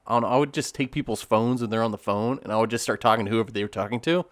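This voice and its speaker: A man's voice: on the low side, racing, dry recording, clean studio sound. A man chatting casually, telling a funny story and laughing often. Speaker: co-host, storyteller. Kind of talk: casual chat.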